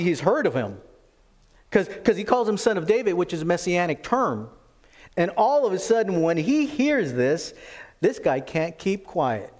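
A man preaching a sermon, animated in his storytelling and acting out the quoted voices. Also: high-pitched. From lived in Texas. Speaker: pastor.

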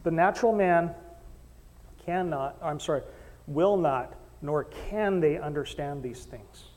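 A man preaching a sermon as pastor, animated storyteller who acts out voices and jokes with the congregation. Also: fairly high pitch, a little slow, big-room sound. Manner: animated storytelling, acting out quoted voices, joking with the crowd. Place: church stage in a hall.

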